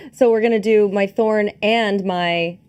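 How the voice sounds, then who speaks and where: A woman's voice: medium pitch, level tone, a little slow, a little mellow, clear, resonant tone. Chatty female podcast co-host. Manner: hesitant, laughs often, many fillers. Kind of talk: casual movie review chat.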